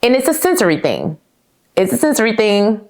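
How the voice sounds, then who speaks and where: A woman's voice: fairly high pitch, big pitch swings, fairly quick, a little mellow. A young woman, hosting a podcast and telling her own story in a candid, chatty way, calling her listeners "y'all.". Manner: laughs now and then, frequent fillers like "like". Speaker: podcast host. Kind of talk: casual personal storytelling.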